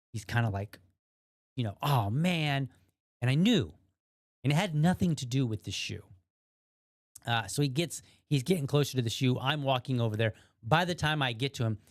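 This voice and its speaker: A man in his thirties hosting a podcast, telling a personal story casually, rambling and animated with restarts and acted-out quotes. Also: medium pitch, dry recording, studio quality. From USA. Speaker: podcast host.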